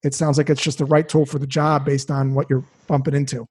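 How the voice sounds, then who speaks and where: A man's voice: a little high, little pitch movement, a little fast, darkish tone, slightly rough. A man hosting an interview, talking in an encouraging, reflective way. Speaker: podcast host. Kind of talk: casual interview chat.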